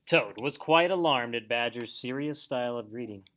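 A man teacher reading a story aloud to children, with an expressive, animated delivery. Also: mid-range voice, moderate pace, background noise.

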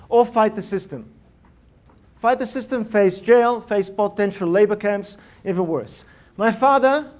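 A man with a noticeably high speaking voice delivers a TED-style talk from a lecture hall stage. He is animated and punchy, firing rhetorical questions at the live audience. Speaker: public speaker.

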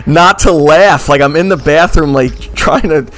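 A man's voice: fairly high pitch, unhurried. Man telling profane stories while gaming. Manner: animated, profane storytelling. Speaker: gamer. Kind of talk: casual chat while gaming.

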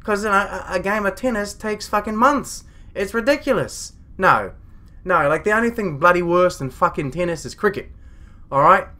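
A man's voice: high-pitched, normal speed, sharp tone. A man playing a grumpy, foul-mouthed starship captain, rambling and ranting with indignation in a comedy monologue. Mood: indignant. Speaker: comedy web series creator.

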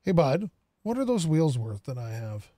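A man's voice: fairly high pitch, sing-song, moderate pace, mellow, no echo, clean studio sound. A man streaming a game, casually thinking aloud and joking with the characters on screen. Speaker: gaming streamer. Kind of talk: casual gameplay commentary.

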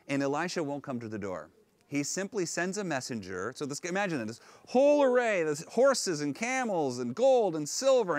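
A male pastor preaching a sermon on location, retelling a story in an animated, conversational way. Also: a little high, no echo. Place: on location at an ancient synagogue.

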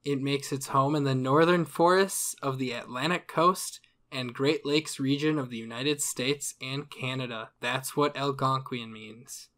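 Speaking at a measured pace with few pauses, this man has a medium-pitched, slightly bright voice. He's the one presenting the topic on a laid-back comedy podcast, working from notes, explaining things to his cohosts and chuckling at his own jokes while they chat behind him.

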